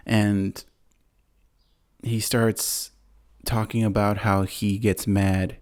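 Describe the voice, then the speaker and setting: A man with a lowish voice, chatting loosely as he recaps a film for his podcast. He wanders through the plot with plenty of "like"s and restarts, breaking into short laughs along the way. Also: level tone, extremely slow, darkish tone, clear, resonant tone. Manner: rambling, filler-heavy, laughs often. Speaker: podcast host. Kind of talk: casual chat, retelling a movie plot.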